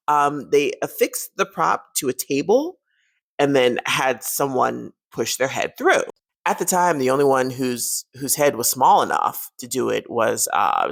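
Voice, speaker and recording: A woman's voice: extremely low pitch, gravelly, no room sound. A woman hosting a horror movie fun-facts video, talking casually and animatedly and laughing often.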